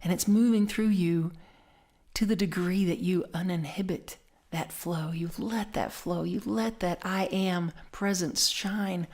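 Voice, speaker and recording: A woman minister giving a conversational sermon, telling stories in an animated way and dropping to soft whispers for emphasis. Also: lowish voice, measured pace.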